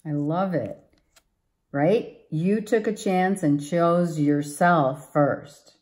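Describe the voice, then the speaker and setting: A woman's voice: lowish voice, drawn-out words, darkish tone. A woman giving a tarot reading to viewers, emphatic and exclaiming, often repeating herself. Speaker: tarot reader.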